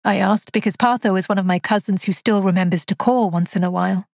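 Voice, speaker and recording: Woman reading as an aging haunted spinster, frail and frightened, husky voice, dry close sound, hushed storytelling. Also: mid-range voice, quick pace, no room sound. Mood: uneasy. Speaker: narrator. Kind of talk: scripted first-person narration.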